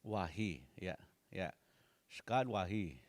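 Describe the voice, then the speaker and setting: Slow, lively-voiced male language teacher. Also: deep voice. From Dakota community. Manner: repeats phrases slowly, jokey asides. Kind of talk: casual classroom teaching.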